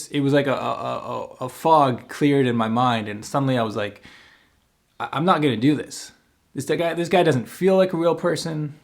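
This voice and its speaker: A young man vlogging, telling a personal story in a casual, animated way, acting out the quoted lines and using lots of fillers and restarts. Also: mid-range voice.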